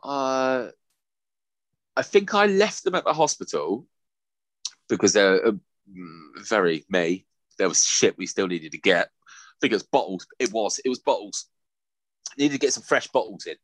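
A man's voice: lowish voice, normal speed, pauses often, no room sound. Sweary man telling a story. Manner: animated, sweary, laughing anecdote-telling. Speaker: podcast host. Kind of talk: casual storytelling chat.

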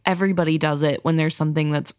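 Female book-podcast co-host, lowish voice, dry close sound, chatty and empathetic. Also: fairly even intonation, racing, darkish tone, clear, resonant tone, dry recording. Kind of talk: casual book discussion.

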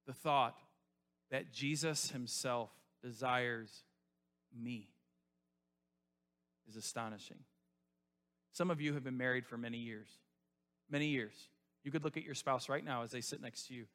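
A male pastor preaching a sermon to his church, repeating phrases and swinging between loud rising appeals and soft hushed lows. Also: unhurried, long pauses.

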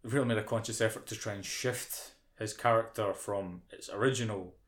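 A man's voice: on the low side, steady tone, fairly quick. A British man co-hosting a podcast, ranting casually with lots of swearing and mocking impressions. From United Kingdom. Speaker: podcast co-host. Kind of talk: casual chat.

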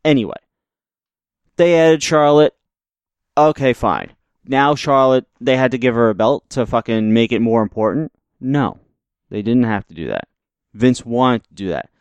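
A man's voice: mid-range voice, animated, unhurried, clear, resonant tone, no room sound. A man co-hosting a wrestling podcast, ranting sarcastically in casual chat and swearing freely. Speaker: podcast co-host.

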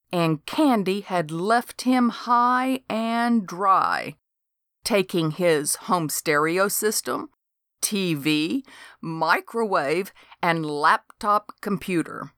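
Woman audiobook narrator, measured and unhurried, lower voice. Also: dry recording, clean studio sound. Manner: steady, measured storytelling. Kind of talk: novel reading.

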